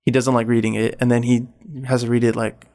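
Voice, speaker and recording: Male podcast host, mid-pitched, loose and swearing, fills every gap with "like". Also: flat delivery, a little fast, darkish tone. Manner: rambling, profane retelling full of "like". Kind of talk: casual chat.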